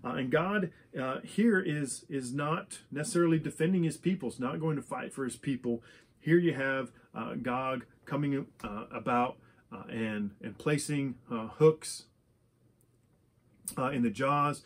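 A man's voice: mid-range voice, measured pace, breathy edge. A man teaching a Bible study, reading scripture verses aloud and explaining them with frequent "uh" fillers and restarts. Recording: church service recording.

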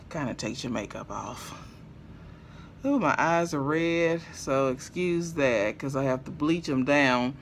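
Slow, gravelly, playful makeup vlogger. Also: medium pitch, slight background noise. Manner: chatty and playful, talks to viewers as y'all, chuckles. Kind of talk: casual makeup tutorial chat.

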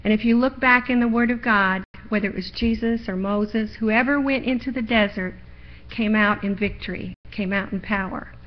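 A middle-aged woman with a mid-range voice and normal speed preaches a folksy, personal sermon in church. Sharing her testimony, she pushes her points with growing loudness, and the recording is lo-fi live stream audio.

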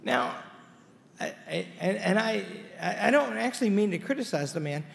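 Gravelly older-sounding college head, lively pitch, wry folksy speech in a reverberant hall. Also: male voice, moderate pace. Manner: wry, folksy storytelling with asides. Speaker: college president. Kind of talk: anniversary speech to an audience. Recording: hall reverb with faint ambience.

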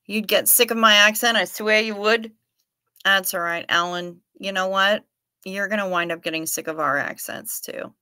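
A woman's voice: mid-range voice, steady tone, moderate pace, pushed and bright, clear, resonant tone, dry recording. Chatty woman with a Minnesota accent. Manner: chatty, playful, reads viewer comments aloud. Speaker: livestream host. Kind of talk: casual chat reading live comments.

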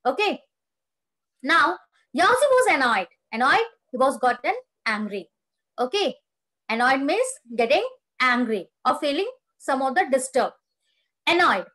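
A woman's voice: high voice, sing-song, measured pace, fairly bright tone, poor audio. A woman teaching a lesson, retelling a story line by line, asking questions and explaining the meaning of words. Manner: explains words and asks questions, rereads quoted lines.

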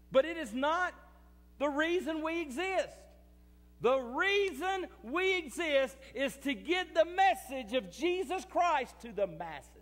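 Man, pastor, high-pitched, mid-sermon, echoing hall sound. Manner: swings between loud emphatic and quiet confiding; repeats phrases for emphasis. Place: church sanctuary. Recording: church hall reverb.

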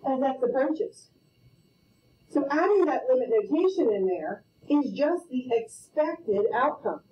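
A middle-aged woman teaching a math class, playful and storytelling, often checking in with "okay?". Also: high-pitched. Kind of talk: classroom lecture. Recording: roomy, distant, muffled classroom audio.

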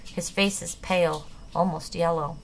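A woman narrating a novel in the first person, measured and tense. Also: on the low side, fairly even intonation, a little hiss or hum, rough recording. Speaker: audiobook narrator.

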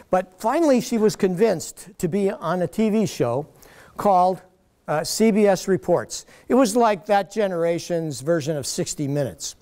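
A man giving a public lecture, telling stories in an animated way and mocking the critics he quotes. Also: high voice. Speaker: guest lecturer. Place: lecture hall.

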